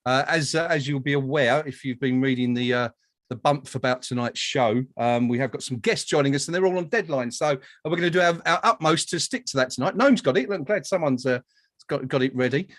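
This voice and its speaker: A man's voice: mid-range voice, fairly quick, no room sound, studio quality. A man hosting a live online awards show, chatty and jokey, with lots of fillers and restarts. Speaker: host.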